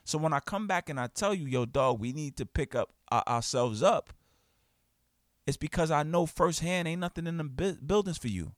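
A man hosting his own podcast, talking in an animated, emphatic, slangy way and acting out quoted friends. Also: a little high, normal speed, dry recording, studio quality. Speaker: podcast host. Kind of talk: casual podcast monologue. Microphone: studio podcast mic.

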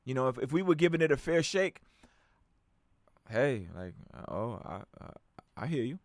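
A young man hosting his own podcast, talking in a casual, animated way with slang and frequent restarts. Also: medium pitch, moderate pace, dry recording. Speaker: podcast host.

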